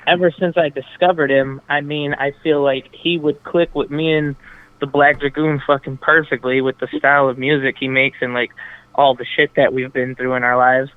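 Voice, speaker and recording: A man's voice: on the high side, smooth. A man being interviewed as a rapper, talking enthusiastically and swearing casually. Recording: dry phone line.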